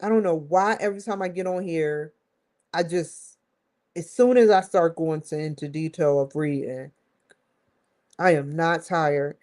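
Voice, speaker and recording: A woman hosting a casual study vlog, thinking aloud, muttering to herself and breaking into excited exclamations. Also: sits low, measured pace, low-quality recording. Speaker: host.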